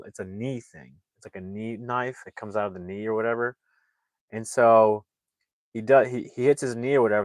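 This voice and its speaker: A man with a low voice retells a film's plot in a casual, rambling way. He leans heavily on fillers and corrects himself as he goes. The sound is dry and close. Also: dry recording. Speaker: movie reviewer.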